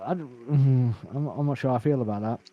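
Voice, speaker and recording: A man co-hosting a casual football chat, measured and hesitant, with many fillers. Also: mid-range voice, lo-fi sound.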